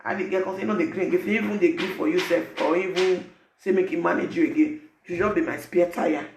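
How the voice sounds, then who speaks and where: A man speaking Nigerian Pidgin English, giving animated, preachy advice to his viewers in a casual vlog. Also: sits high, fast talker, roomy sound, music in the background. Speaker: vlogger.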